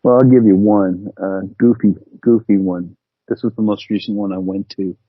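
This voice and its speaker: Guy guest telling a funny story on himself, husky voice, kinda dull lo-fi sound. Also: fairly low pitch, steady tone, moderate pace, no echo. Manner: self-deprecating, laughing storyteller. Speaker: guest writer and editor. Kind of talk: casual storytelling chat.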